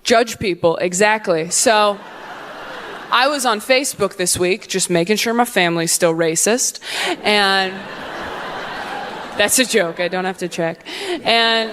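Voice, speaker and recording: A woman in her twenties performing stand-up comedy with a brisk, sarcastic, punchy delivery. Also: mid-range voice, background noise. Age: 20s.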